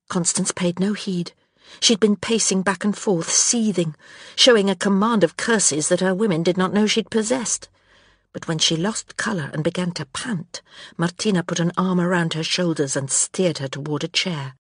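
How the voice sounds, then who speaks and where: Lowish-voiced woman narrating. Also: normal speed, husky, no echo, clean studio sound. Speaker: audiobook narrator. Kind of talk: scripted narration.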